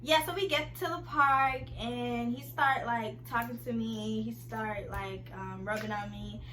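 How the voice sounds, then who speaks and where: Bright-voiced young woman telling a story. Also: on the high side, measured pace, a little hiss or hum, poor audio. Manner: chatty and animated, often laughing. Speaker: vlogger. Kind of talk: casual storytime to camera.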